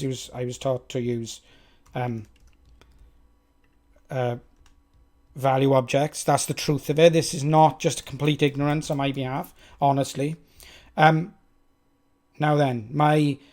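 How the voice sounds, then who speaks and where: Man, Welsh accent, slightly high voice, thinking aloud while coding live, chatty, self-deprecating. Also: a little mellow. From Wales. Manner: chatty, self-mocking, talks to chat. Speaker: live-stream coder.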